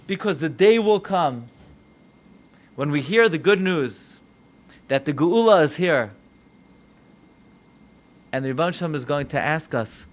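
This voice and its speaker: An American man, a rabbi, preaching a sermon with animated delivery, acting out voices in dialogue. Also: fairly high pitch, clear, resonant tone. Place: synagogue.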